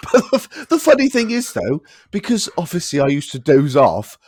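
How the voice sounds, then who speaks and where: A man's voice: on the high side, wildly swooping pitch, moderate pace, a little mellow, dry recording. A young man co-hosting a podcast in casual chat, laughing often as he tells stories. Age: young adult. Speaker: podcast co-host.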